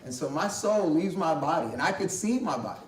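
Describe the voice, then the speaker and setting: A man's voice: a little high, expressive, brisk, a little hiss or hum. Man telling a vivid personal story in an echoey room. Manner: vivid, conversational, acts out quoted voices. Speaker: guest speaker. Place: college library event space. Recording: echoey room, distant mic, faint ambience.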